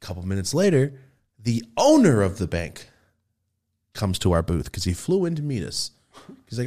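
Excitable man telling a profane story. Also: fairly quick. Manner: animated, profane, jumps into high excited voices for quotes. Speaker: podcast host telling a story. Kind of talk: casual storytelling.

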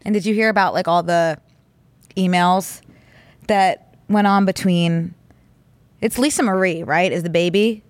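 A woman's voice: lowish voice, a little slow, pauses often, dry recording. A young adult woman co-hosting a podcast in casual chat, telling stories with lots of "like" fillers. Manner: chatty, filler-heavy storytelling with lots of "like". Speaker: podcast co-host.

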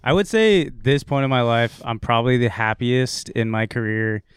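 A man's voice: mid-range voice, moderate pace, smooth, no echo, studio quality. A man in his early thirties, co-hosting a podcast, rambling casually and swearing. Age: 30s. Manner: rambling, swearing, self-mocking. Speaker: podcast co-host. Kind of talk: casual chat.

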